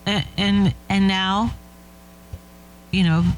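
A man's voice: high-pitched, level tone, slow, slight background noise, low-quality recording. A man co-hosting a show, chatting casually in a hesitant, reassuring way with many fillers. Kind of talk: casual chat.

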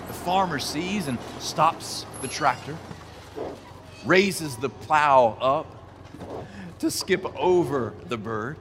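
Animated preacher man, echoey hall. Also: on the high side, slow pace, background noise. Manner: animated storytelling, conversational asides. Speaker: pastor. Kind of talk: sermon.

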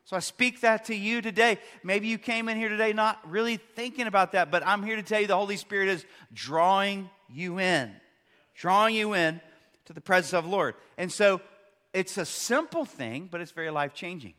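A man in his thirties gives an impassioned sermon in a bright, fairly high voice. He swings between loud bursts and soft, hushed stretches, and the long reverb of the church hall hangs after every phrase. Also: moderate pace. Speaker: pastor.

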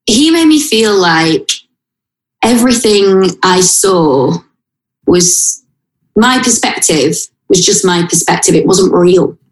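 A woman telling a painful personal story in an interview, halting and emotional, with frequent restarts. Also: fairly low pitch, lively intonation. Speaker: interview guest. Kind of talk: personal account in conversation. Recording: roomy echo.

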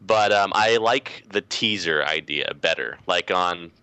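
A male podcast guest with a very low voice that is still bright and clear. He rambles eagerly through his picks, recorded dry and close. He perks up when he gets excited. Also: unhurried, no room sound. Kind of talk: casual podcast chat.

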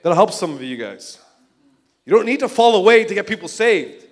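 A man preaches with energy and a casual, conversational touch. His voice sits high for a man. He slips into quick acted-out voices for the people in his stories. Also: big pitch swings. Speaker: pastor. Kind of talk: sermon.

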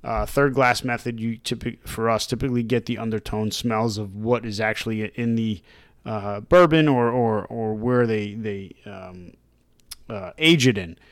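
A man's voice: lowish voice, moderate pace, no room sound. Man, podcast co-host, casual chat, reads notes in a list-like way, dry close-miked sound.

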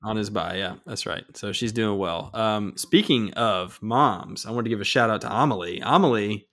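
A man co-hosting a casual podcast, joking around and giving listener shout-outs. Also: fairly low pitch, normal speed. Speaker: podcast co-host.

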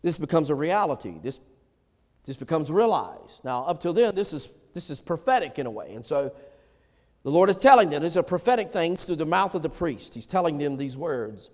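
A man preaching a sermon, swinging between loud emphatic calls and low hushed lines. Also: very animated, normal speed, in a large hall.

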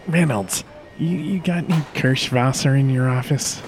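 In a comedic audio drama, a man voices a brash, crude young woman executive who talks bluntly with her mouth full. His mid-range voice, at normal speed with slight background noise, is pitched above his own but stays close to an everyday voice.

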